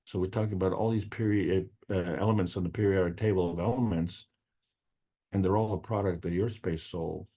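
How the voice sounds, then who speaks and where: Man, very low voice, dark tone, rambling meeting talk, halting with fillers. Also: fairly even intonation, slightly rough. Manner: slow, rambling, with frequent fillers and restarts. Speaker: meeting presenter. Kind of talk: unscripted spiritual science talk.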